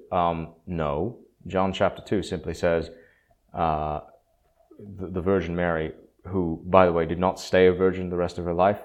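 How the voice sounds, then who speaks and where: Low-voiced man hosting a theology podcast. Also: level tone, a little slow, darkish tone. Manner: conversational, opinionated, with frequent fillers and acted quotes. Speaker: podcast host. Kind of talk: solo podcast monologue on theology.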